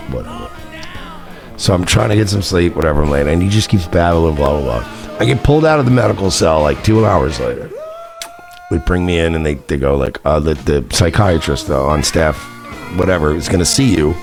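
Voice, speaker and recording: A man's voice: rumbling low, expressive, fairly quick, over music. A man telling a personal story in a casual, rambling, profane way, often waving details off with "blah, blah". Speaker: vlogger.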